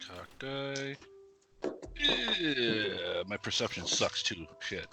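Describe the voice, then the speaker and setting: A man's voice: mid-range voice, wildly swooping pitch, very slow, gravelly, over music. A man playing in a tabletop game, chatting casually and bluntly, swearing offhand. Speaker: player.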